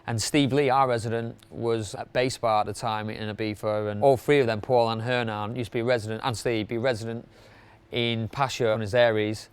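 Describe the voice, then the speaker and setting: Casting: middle-aged man, smooth clear voice, relaxed rambling club-promoter chat. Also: mid-range voice, a little fast. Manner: chatty, rambling, with fillers and laughs. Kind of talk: casual spoken countdown.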